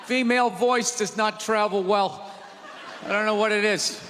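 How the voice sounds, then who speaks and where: Loud ranting male stand-up comic. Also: high voice, steady tone, normal speed, a little hiss or hum. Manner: loud, profane, ranting delivery. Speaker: stand-up comedian. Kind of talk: stand-up comedy routine. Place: large theater stage. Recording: live theater recording with long reverb and crowd laughter. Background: audience laughing and cheering.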